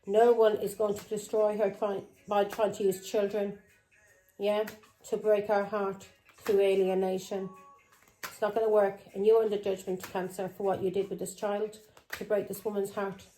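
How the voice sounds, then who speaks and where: A woman gives a tarot reading in a confrontational, accusing tone, repeatedly breaking in with "Yeah?". Her mid-range voice is level and mellow at a moderate pace, and the poor audio carries a little hiss or hum.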